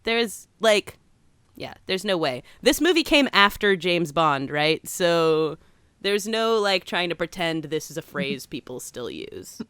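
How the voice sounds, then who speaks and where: A woman co-hosts a casual podcast in a chatty, giggly way. Her voice rises and falls in a lively swing. It is recorded close with a dry, dead sound. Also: lowish voice, measured pace, clear, resonant tone, dry recording. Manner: chatty and giggly, reading a listener letter aloud. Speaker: podcast co-host. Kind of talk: casual chat.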